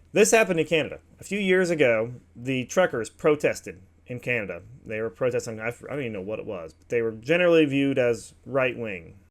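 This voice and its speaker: A man's voice: medium pitch, animated, fairly quick. A man hosting an opinion show, reading passages aloud and commenting in a casual, offhand way with asides to his viewers.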